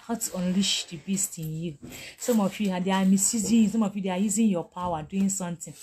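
A woman's voice: medium pitch, brisk, warm tone, a little hiss or hum. Emphatic woman giving a spiritual pep talk. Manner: emphatic, repetitive, laughs often. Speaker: spiritual teacher live-streaming. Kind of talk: live-stream motivational talk.

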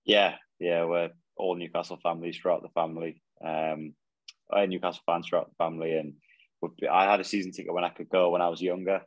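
In a casual interview, a Northumberland footballer in his twenties speaks quickly in a low, level voice. His answers are modest and hesitant, full of fillers, and the audio is dry and dull.

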